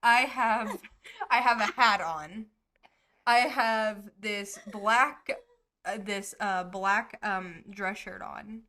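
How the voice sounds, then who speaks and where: A woman's voice: mid-range voice, slow, bright, forceful tone. A woman co-hosting a podcast in casual chat, rambling and often correcting herself mid-sentence. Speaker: podcast co-host.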